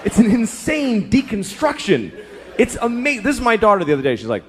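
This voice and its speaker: A man's voice: huge pitch swings, brisk. A middle-aged man doing a stand-up comedy set, telling stories in a wry, profane way, recorded live in a large theater. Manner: wry, profane storytelling with big pitch swings. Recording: live hall with audience and background noise.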